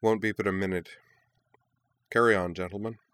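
A weary, tough colonel in her late sixties, as a man reads her out in a storybook. Her words come low, quiet and clipped, in a very deep voice. The recording is dry and close. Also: steady tone, moderate pace, dry recording, lightly acted. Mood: tired. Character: weary tough older woman colonel, calm.

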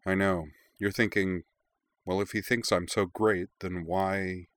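A man voicing a kind young man who speaks quietly with a wry, gentle tone. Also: low-pitched, little pitch movement, unhurried, no room sound.

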